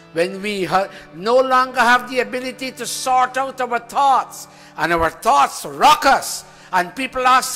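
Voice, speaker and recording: A middle-aged man leads a sermon with call-and-response chanting, moving from loud chant to hushed tones. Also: high-pitched, animated, a little slow. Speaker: spiritual teacher leading satsang. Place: large hall before a congregation. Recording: long hall reverb, faint music behind.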